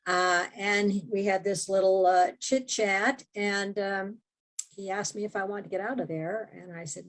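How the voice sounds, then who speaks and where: A woman's voice: on the low side, vocal fry, breathy edge. A woman guest on a podcast, telling a personal story in a casual, vivid way and quoting her own thoughts. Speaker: podcast guest, memoir author.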